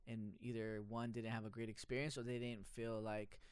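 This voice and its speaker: A studio engineer talking casually on a podcast, animated and full of fillers like "dude" and "like". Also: male voice, fairly low pitch, normal speed, clean tone, no echo. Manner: animated, filler-heavy, says "dude" and "like" a lot.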